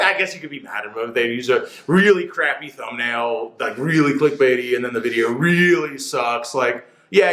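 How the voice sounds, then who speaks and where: A man hosting a motorcycle channel, ranting casually and with plenty of opinion to the camera. He swears, restarts his sentences and sounds sweaty. He has no microphone, so the room echoes. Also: medium pitch. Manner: animated, opinionated, profane, stumbling restarts. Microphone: camera mic, no dedicated microphone.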